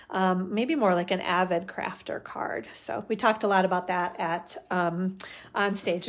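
A middle-aged woman hosting a live stamping demo, chatting casually and rambling with fillers as she works. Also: mid-range voice. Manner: chatty, rambling, self-talk with fillers and little laughs.

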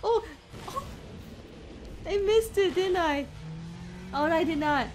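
A woman's voice: extremely high pitch, moderate pace, over music. A woman streaming a video game, exclaiming and swearing at it as she plays. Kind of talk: live gameplay commentary.

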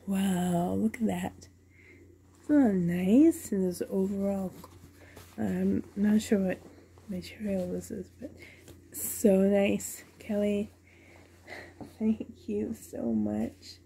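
This reborn doll collector draws out her words and leaves long pauses while unboxing a doll at home for her vlog. She gushes with delight and often drops to a whisper, her medium-pitched voice warm, gravelly and husky.

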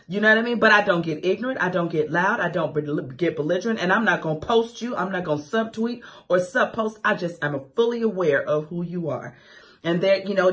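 A woman hosting a morning radio show, giving faith-filled encouragement with emphatic, repeated phrases and sassy asides. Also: mid-range voice. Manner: sassy asides and laughing quips. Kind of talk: morning radio inspirational talk.

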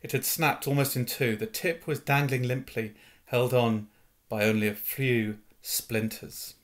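A man reading a novel aloud in an expressive storytelling manner. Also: mid-range voice, a little slow. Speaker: reader. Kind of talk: audiobook narration of a novel.

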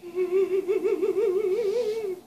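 A woman's voice: very high-pitched, steady tone, extremely slow, dark tone, slight background noise, rough recording. A young woman commentating a horror game, panicky and laughing nervously, often repeating herself. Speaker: gaming YouTuber.

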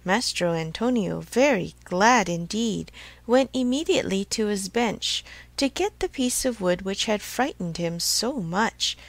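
A woman reading a storybook aloud for English learners in a clear, measured way. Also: mid-range voice, expressive, no echo. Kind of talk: scripted storybook narration.

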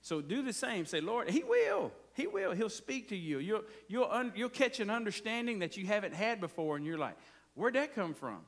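A man's voice: high-pitched, expressive, normal speed, fairly bright tone. A man preaching a folksy, conversational sermon, often checking in with his congregation. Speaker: pastor.

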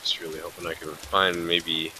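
A man's voice: low-pitched, flat delivery, moderate pace, background noise. A tired man hosting a late-night game video, muttering and cursing under his breath. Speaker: let's play host. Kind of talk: casual gameplay commentary.

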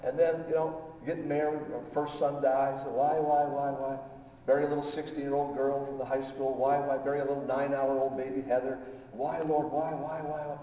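A man preaching a sermon as pastor, rising from quiet reflection to fervent loud passages and acting out conversations with God. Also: mid-range voice, little pitch movement, a little fast. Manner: impassioned, builds from quiet to loud, acts out dialogue. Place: large church hall. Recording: echoey hall from far off.

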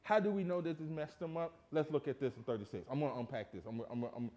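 A man preaching a sermon in a church, emphatic and full of rhetorical questions, dropping from loud to hushed. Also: on the high side, fast. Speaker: pastor. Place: church sanctuary.

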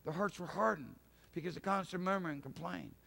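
A man preaching a sermon from a church pulpit in a folksy way, with rhetorical questions, dropping to low murmurs and then rising to loud, shouted emphasis. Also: quick pace, creaky. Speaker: pastor. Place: church sanctuary.

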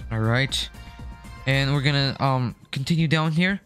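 A man's voice: mid-range voice, a little slow, fairly bright tone, soft background music. A young man streaming a horror game live, chatting and joking as he gets startled. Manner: chatty, jokey, easily startled. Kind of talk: live gameplay commentary.

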